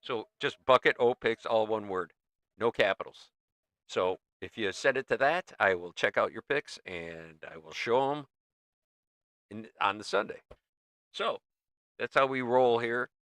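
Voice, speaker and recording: A man's voice: mid-range voice, expressive, measured pace, a bit bright, dry recording. Guy hosting a livestream, rambly and chatty, dry close sound. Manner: rambling, chatty, talks to viewers in the chat. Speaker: livestream host. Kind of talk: casual livestream chat.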